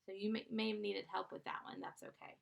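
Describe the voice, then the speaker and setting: A woman's voice: medium pitch, flat delivery, fast talker, creaky. A woman teaching first graders, giving a dictation lesson in a patient, encouraging way and stretching out the sounds of each word. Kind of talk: slow, clear classroom dictation.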